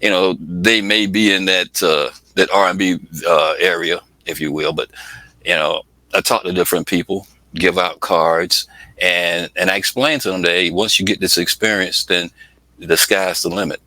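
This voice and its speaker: A chatty middle-aged man from Atlanta tells stories as an interview guest, laughing often. His voice sits low yet has a forceful, bright edge. The sound is dry and close. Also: fairly even intonation, moderate pace, no room sound, poor audio. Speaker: interview guest, music project manager. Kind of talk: casual storytelling interview.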